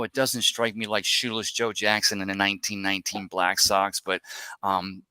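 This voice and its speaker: A man's voice: on the low side, bright, forceful tone, smooth, dry recording, poor audio. A middle-aged man hosting a live sports talk show, jokey and rambling, laughing often. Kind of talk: casual live show banter.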